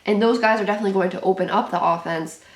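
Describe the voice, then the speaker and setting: A woman's voice: mid-range voice, very fast, roomy sound. A young woman hosting a live reaction to a football game, anxious and exclaiming, often repeating herself. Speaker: sports channel host reacting live.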